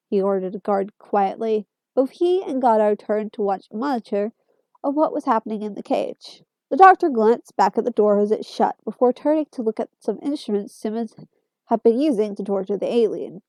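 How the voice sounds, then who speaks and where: A woman narrates a story aloud in a steady, even manner. Her voice is mellow and a little high, recorded close and dry. It suits a home reading of fan fiction. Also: no room sound.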